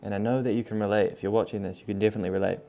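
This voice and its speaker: Laid-back low-voiced young man, swearing freely. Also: racing, vocal fry. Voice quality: relaxed, frank, swears freely. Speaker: vlogger. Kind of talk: casual talk to camera. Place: new home, room full of boxes.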